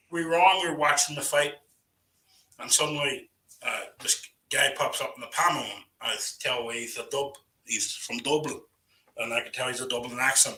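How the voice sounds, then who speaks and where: A rambling man spinning stories in a loose, casual chat, his voice bright and sharp-edged. He sits back from the mic, so he sounds distant in a roomy, echoing space. His sentences loop back on themselves, full of "you know" and "right". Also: mid-range voice. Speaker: guest storyteller on a live voice chat.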